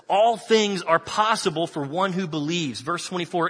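Bright, husky preacher in a reverberant hall. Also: male voice, sits high, moderate pace, few pauses. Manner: conversational preaching with fillers and restarts. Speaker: pastor. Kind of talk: sermon.

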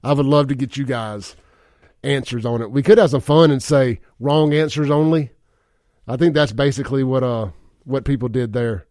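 A man's voice: medium pitch, moderate pace, darkish tone, no room sound. A man hosting a casual talk radio show in a studio, chatting, chuckling often and reading listener texts aloud. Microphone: studio microphone.

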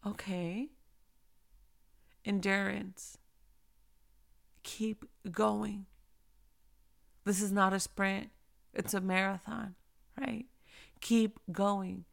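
A woman's voice: mid-range voice, level tone, gravelly. Preachy, encouraging woman giving a faith talk. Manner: preachy and encouraging, slows down to stress phrases, talks straight to her listeners. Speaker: Christian devotional speaker. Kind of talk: casual faith talk to women.

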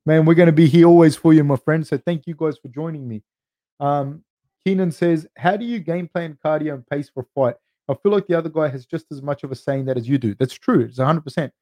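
A man's voice: a little high, brisk, warm tone, no echo, studio quality. An Australian man in his thirties hosting a podcast, answering live chat questions in loose, chatty talk with frequent swearing and "dude". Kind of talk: casual live-stream Q&A.

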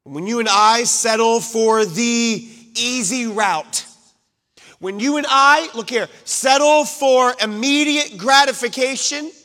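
A man preaching a sermon, swinging from loud declarations to hushed asides and acting out the quoted lines. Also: very high-pitched, slow pace. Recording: long hall reverb.

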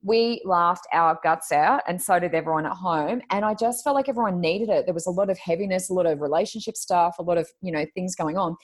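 Animated woman telling a funny story. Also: lowish voice, fairly quick, few pauses. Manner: lively, laughing, mimics others' voices in quotes. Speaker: podcast guest. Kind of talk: casual chat, animated storytelling.

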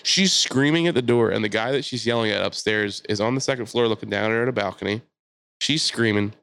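A man telling a long story in casual podcast chat, acting out the people in it with shouted lines. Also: fairly low pitch, fast, vocal fry, clear, resonant tone. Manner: animated storyteller, mimics shouting voices. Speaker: podcast co-host.

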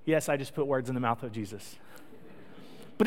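Guy preaching, pretty high voice, chatty and jokey, big echoey hall. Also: very animated, normal speed. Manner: conversational, joking storytelling preacher. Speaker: pastor. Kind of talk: sermon. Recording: long echo of a large hall.

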